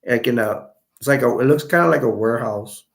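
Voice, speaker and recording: A man hosting a casual livestream, retelling a film in a rambling, halting way full of fillers and restarts, and reading viewer comments aloud. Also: medium pitch, gravelly. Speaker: livestream host.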